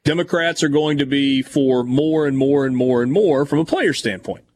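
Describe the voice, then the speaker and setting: A man's voice: medium pitch, moderate pace, a little mellow. A man hosting a sports talk show who reads news passages aloud and then adds casual comments. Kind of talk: reading news and discussing on air.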